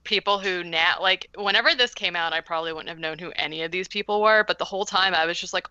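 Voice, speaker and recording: A woman co-hosting a podcast, telling stories in an animated, giggly way. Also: fairly low pitch, fast, few pauses, no echo, dull audio. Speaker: podcast co-host. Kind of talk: casual film-review chat.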